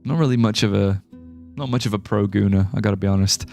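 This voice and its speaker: A young British man from the UK streams a game, rambling, joking and swearing casually as he reads chat aloud. His voice is lowish, quick, creaky and a little mellow, with faint music in the background.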